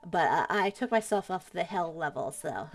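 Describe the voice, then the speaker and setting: A woman's voice: fairly low pitch, expressive, moderate pace, gravelly. A young woman streamer playing a story game, chatty and playful, reacting with jokes. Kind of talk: game playthrough commentary.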